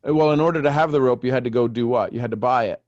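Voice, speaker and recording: A man's voice: mid-range voice, racing, no room sound, lo-fi sound. A man hosting a live group coaching call on video, joking with his listeners and walking them through questions step by step. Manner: animated, teasing, questioning step by step. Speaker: host coaching callers.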